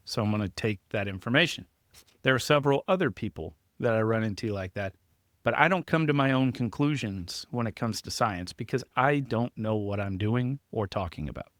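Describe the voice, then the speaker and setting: A man's voice: lowish voice, moderate pace, a bit bright, dry recording, clean studio sound. A man hosting a podcast in a chatty, self-deprecating way, often laughing as he talks. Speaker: podcast host. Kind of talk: casual podcast chat.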